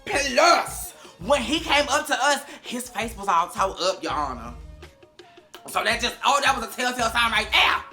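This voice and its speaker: A sassy TV recap host runs through an episode in casual, profane commentary, acting out what the characters said. The voice is bright and sharp-edged. A little music plays faintly underneath. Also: medium pitch, big pitch swings, moderate pace.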